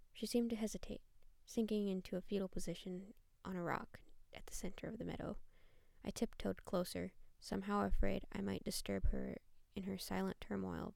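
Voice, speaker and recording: A woman's voice: fairly low pitch, gravelly, darkish tone, no echo. A woman narrating a first-person horror story in a blunt, matter-of-fact way.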